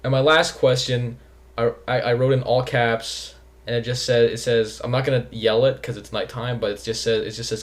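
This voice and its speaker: A man's voice: mid-range voice, flat delivery, normal speed. Giggly rambling young man, podcast host. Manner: giggly, rambling, self-mocking. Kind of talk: casual chat.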